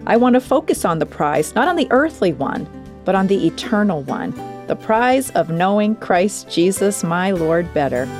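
A woman's voice: mid-range voice, big pitch swings, moderate pace, darkish tone, soft background music. A woman co-hosting a devotional radio program, speaking directly to listeners.

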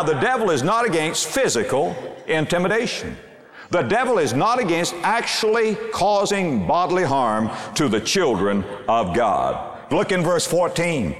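A male pastor preaching a sermon with fervor, slowing down to read scripture with weight. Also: fairly high pitch, very animated. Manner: impassioned preaching, slows to read scripture aloud. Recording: echoey hall with soft music.

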